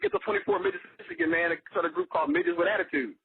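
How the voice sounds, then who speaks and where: A man's voice: high voice, huge pitch swings, very fast, creaky, slightly rough, no room sound. A man hosting a radio show, chatting in a brash, profane way and laughing often. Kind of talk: casual comedy chat. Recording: tinny phone-like radio audio.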